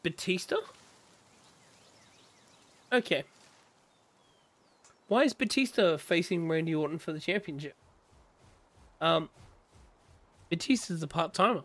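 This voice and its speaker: A man on a casual game stream, ranting passionately and playing out other people's reactions. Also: on the high side. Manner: impassioned wrestling rant with excited mimicry. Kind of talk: casual gaming stream chat.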